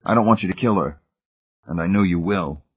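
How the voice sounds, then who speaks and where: A man reading the part of a determined, quiet-spoken man who talks in a firm, resolute way. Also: low-pitched, brisk, husky. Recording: tinny, phone-like narrow sound.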